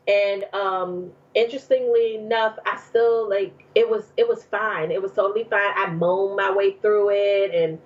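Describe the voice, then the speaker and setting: A woman's voice: medium pitch, lo-fi sound. A woman from New Jersey telling her story as a podcast guest in casual chat, laughing often and using many fillers.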